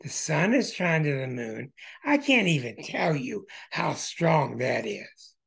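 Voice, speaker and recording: A man hosting an astrology show who walks through birth charts in an emphatic way, with bursts of excitement. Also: on the high side, slow pace, creaky, husky.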